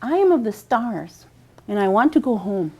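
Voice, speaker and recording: A woman storyteller voicing a sad, homesick star woman who speaks quietly. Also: a little high, big pitch swings, normal speed, slightly rough, highs cut off, voice pushed down, heavily acted. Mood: wistful.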